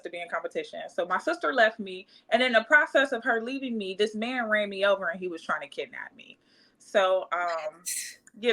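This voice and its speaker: A woman in her thirties, a podcast guest telling her life story casually and acting out the voices of the people in it. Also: mid-range voice. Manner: animated, acts out quoted voices.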